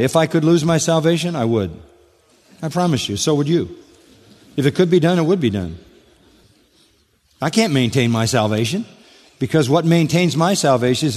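A man's voice: animated, moderate pace. Man preaching in a reverberant hall. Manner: emphatic, rising to high stresses then dropping to a hushed low; repeats key phrases, asks the congregation questions. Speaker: pastor. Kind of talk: expository sermon.

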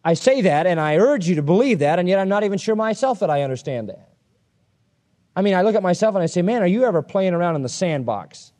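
Brief: male preacher, high-pitched, animated and emphatic, chatty sermon delivery. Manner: animated, emphatic, conversational storytelling. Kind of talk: expository sermon.

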